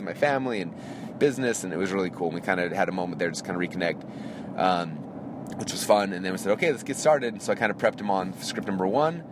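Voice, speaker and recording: Fast-talking man telling an excited story. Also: deep voice, noisy background. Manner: excitable, animated retelling with quoted reactions and laughs. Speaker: podcast host. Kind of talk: casual storytelling monologue.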